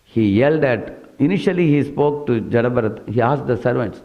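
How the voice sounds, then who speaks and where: A man's voice: medium pitch, a little fast, few pauses, lo-fi sound. A man preaching a storytelling sermon, dotting his telling with "hmm" and questioning "huh?" asides.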